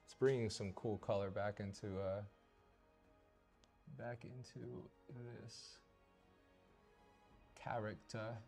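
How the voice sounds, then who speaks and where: A man streaming as he paints, thinking aloud in a mumbled, unhurried way. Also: fairly low pitch, fairly even intonation, creaky, a little mellow, soft background music. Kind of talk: casual commentary while painting.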